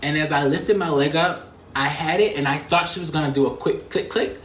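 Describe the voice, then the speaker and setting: A man in his twenties telling an embarrassing story in a fast, animated and profane way, full of slang and "like" fillers. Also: on the high side, a little hiss or hum. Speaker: vlogger. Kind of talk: casual storytime. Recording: roomy echo.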